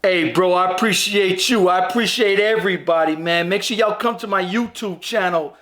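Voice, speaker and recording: Emphatic high-voiced man, repeating phrases. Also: moderate pace, a crowd in the background. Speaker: livestream host. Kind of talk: livestream commentary on videos.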